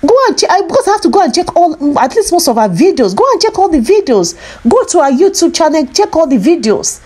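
Emotional high-voiced woman vlogger. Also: sing-song, quick pace, darkish tone. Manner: repetitive, earnest, pleading; emotional, sorrowful. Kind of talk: emotional commentary vlog.

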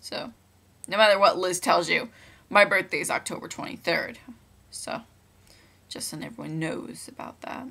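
A young woman records a casual webcam vlog in a room at home using her laptop's built-in mic. She's chatty and rambling, full of fillers and restarts. Her voice is medium-pitched and a bit bright, with vocal fry and a moderate pace.

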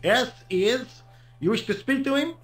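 A prim, courteous hotel clerk. His voice is high and polite. Soft game music plays faintly behind him. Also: expressive, moderate pace. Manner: formal and courteous.

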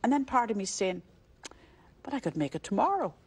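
A woman's voice: fairly high pitch, big pitch swings, a little fast, breathy edge. An older woman from Ireland with an Irish accent, a religious sister telling the story of her calling in a conversational interview, acting out the voices in it and laughing easily.

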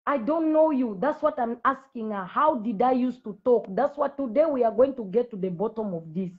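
A woman's voice: a little high, lively intonation, fairly quick, phone-quality sound. A woman from Zambia with school-age children, preaching confrontationally and repetitively to viewers on a live video. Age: adult with school-age children. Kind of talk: livestream address to viewers.

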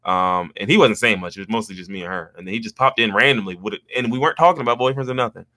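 A man co-hosting a podcast, telling a story in casual chat and jumping into high mimicking voices when he quotes people. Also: racing, sharp tone, no echo, studio quality. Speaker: podcast co-host.

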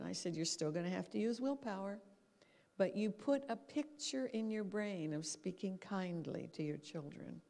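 A woman giving a lively talk in a church hall, acting out quotes as she tells stories. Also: medium pitch, creaky. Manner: lively storytelling, acts out quotes. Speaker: guest speaker. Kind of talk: talk on habits. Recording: reverberant hall.

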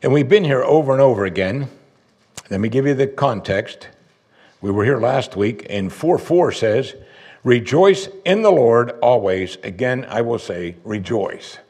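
A man preaching a sermon as pastor, conversational, voicing his listeners' doubts in a higher voice. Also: lively intonation, measured pace, darkish tone, husky. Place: church sanctuary.

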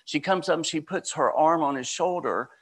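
A man's voice: fairly high pitch, moderate pace, breathy edge. A man from the United States giving a conversational inspirational talk at a spiritual center, slipping into storytelling. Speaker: spiritual speaker.

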